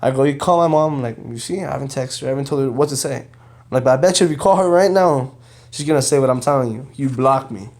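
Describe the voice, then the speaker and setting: A young man casually recounting a personal story, animated, quoting others and peppering his talk with "bro" and "you know.". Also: medium pitch, fast talker. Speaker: vlogger telling a personal story.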